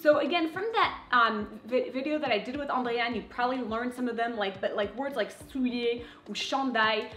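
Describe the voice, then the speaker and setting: A woman's voice: on the high side, a little fast, hardly any pauses, a bit bright. A woman from France, chatting animatedly through an online language lesson. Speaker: language teacher. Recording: roomy echo, faint music.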